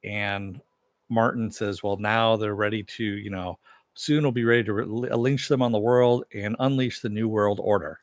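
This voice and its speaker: Low-voiced man casually recapping a show. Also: steady tone, moderate pace, dry recording. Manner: loose and conversational, with frequent "you know" and casual swearing. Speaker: TV episode reviewer. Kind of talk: casual spoken recap and review.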